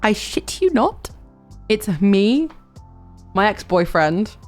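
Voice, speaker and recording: A woman's voice: mid-range voice, sing-song, slow, soft background music. A young woman chatting casually on a livestream, swearing freely and reading chat aloud.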